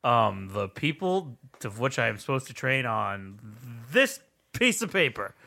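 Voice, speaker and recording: Rambling, laughing tabletop player with a lively voice. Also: male voice, medium pitch, measured pace, vocal fry. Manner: rambling, self-mocking, laughs often. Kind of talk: tabletop role-play chat.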